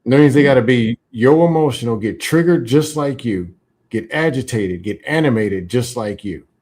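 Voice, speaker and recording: A man's voice: mid-range voice, animated, normal speed, a little mellow. Reflective man telling candid stories. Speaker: podcast host. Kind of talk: casual conversation.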